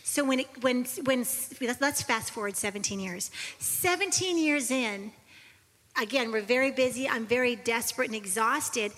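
A woman sharing a personal testimony on a Christian talk show, earnest and confessional, at times dropping to a soft whisper. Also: a little high, moderate pace, in a large hall.

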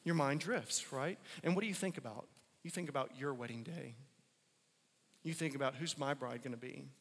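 Conversational pastor in a reverberant hall. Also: male voice, medium pitch, normal speed, husky. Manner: conversational, repeats phrases for emphasis. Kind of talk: sermon.

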